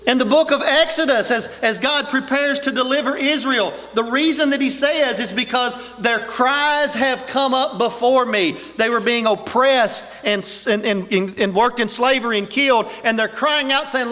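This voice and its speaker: A man's voice: high voice, moderate pace, pushed and bright. An older man preaching a sermon to his congregation, building emphatically toward his key points. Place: church sanctuary. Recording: long reverb of a church hall.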